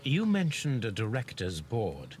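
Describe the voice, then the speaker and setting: Sherlock Holmes, calm and formal. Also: male voice, fairly low pitch, unhurried, background noise. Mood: composed. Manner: formal and composed. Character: calm, polite male detective. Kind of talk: video game voice acting.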